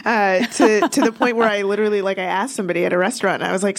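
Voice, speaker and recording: A woman's voice: medium pitch, fairly even intonation, very fast, hardly any pauses. A woman co-hosting a political talk show, speaking in a conversational, reflective way with many fillers. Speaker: podcast co-host. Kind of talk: casual political chat.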